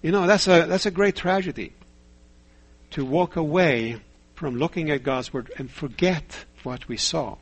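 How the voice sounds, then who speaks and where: Male preacher, fairly high and husky voice, measured sermon delivery with rhetorical questions.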